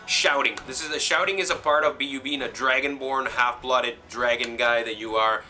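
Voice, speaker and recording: A young man giving a rambling, excited review of a video game, acting out his own reactions and saying "man" a lot. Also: mid-range voice, normal speed, faint music behind.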